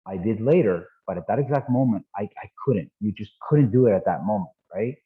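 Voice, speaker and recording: A man's voice: fairly low pitch, expressive, a little fast. A man in his fifties leading a live online training session, talking conversationally, repeating words and checking in with "right?". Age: 50s. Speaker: martial arts instructor. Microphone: video call. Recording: tinny phone-like call audio.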